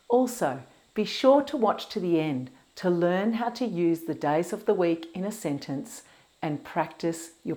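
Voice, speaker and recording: Brief: woman teacher, slightly low pitch, very slow, clear careful enunciation for beginners. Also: a little mellow. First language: English. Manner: clear, careful enunciation, sounds broken into parts. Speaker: English teacher. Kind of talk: slow pronunciation lesson for beginners.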